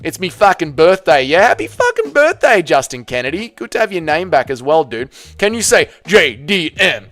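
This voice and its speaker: A man's voice: fairly high pitch, sing-song, moderate pace, fairly bright tone. A man with an Australian accent hosting a casual livestream, reading chat comments aloud and answering with crude banter. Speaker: livestream host.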